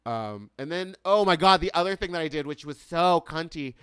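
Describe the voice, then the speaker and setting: A man, a drag queen guest-hosting a podcast, telling a story in a casual, animated rant that jumps from loud outbursts to quiet asides. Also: fairly high pitch, normal speed, clear, resonant tone, no echo.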